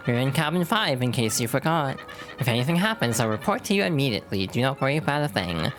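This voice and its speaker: A woman's voice: a bass voice, very animated, fast, noisy background. A woman voicing a dutiful male train conductor in a video game, formal and earnest.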